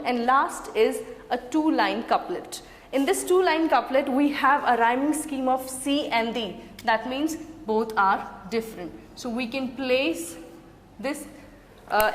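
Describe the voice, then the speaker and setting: A woman giving a slow, explanatory lecture on a poem, reading the quoted lines deliberately. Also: high-pitched. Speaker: literature teacher. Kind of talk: lecture on poetry. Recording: echoey room with long reverb.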